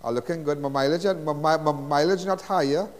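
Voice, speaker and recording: A man's voice: on the high side, a little fast, in a large hall. A middle-aged man with a Trinidadian accent hosting a live crime talk show, chatty and emphatic, repeating his phrases in a folksy way.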